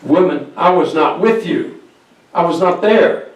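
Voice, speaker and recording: A man's voice: on the high side, unhurried, voice pushed up, lightly acted. A preacher voicing a frightened fisherman who protests and denies, recorded from a distance in an echoey church. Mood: protesting. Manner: protesting, defensive. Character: frightened male fisherman denying his friend. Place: church sanctuary. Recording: very echoey hall, distant mic.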